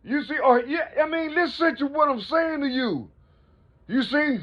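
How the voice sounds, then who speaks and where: High-pitched man, rambling spiritual monologue, constant "you see?", dull lo-fi sound. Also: normal speed. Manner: rhetorical, repetitive, keeps asking the listener "you see?". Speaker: speaker. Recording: dull lo-fi recording.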